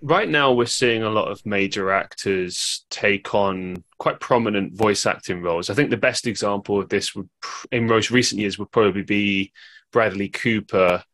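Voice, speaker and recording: Rambling English podcast host, low voice. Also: male voice, moderate pace, a bit bright. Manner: rambling, many fillers and restarts. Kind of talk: casual interview chat.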